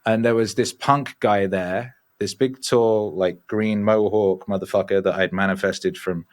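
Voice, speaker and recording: Low-voiced man telling stories, swearing freely. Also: unhurried. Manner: swears freely, animated and rambling. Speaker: podcast guest. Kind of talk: casual storytelling.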